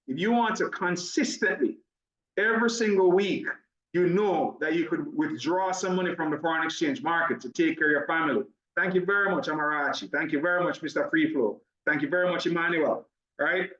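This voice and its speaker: A man with a strong Jamaican accent pitches an opportunity on an online call, quick and upbeat, his voice sitting a little high. The audio is roomy and muffled, as if he is some way from the mic. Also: distant mic. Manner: talks fast when excited, upbeat and persuasive. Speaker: business opportunity presenter. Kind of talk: online sales presentation.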